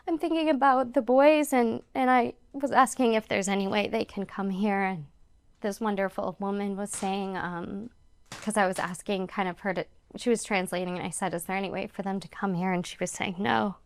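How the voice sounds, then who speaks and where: Soft-spoken woman, halting and tearful. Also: medium pitch, steady tone, smooth, no echo. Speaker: children's entertainer and teacher. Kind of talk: emotional interview testimony.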